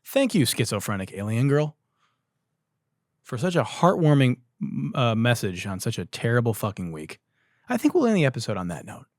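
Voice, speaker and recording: A man hosts a comedy podcast, swearing freely and sounding exasperated, with his voice swinging widely in pitch. He is recorded dry and close, with no room sound. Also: big pitch swings, normal speed, no echo. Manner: profane, exasperated, laughs a lot. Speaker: podcast host. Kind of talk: comedic commentary.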